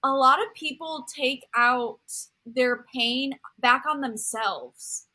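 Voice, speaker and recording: Bright-voiced woman musing aloud. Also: high voice. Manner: thoughtful, many "like" fillers, quick agreement. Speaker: podcast guest, dating content creator. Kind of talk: casual podcast conversation.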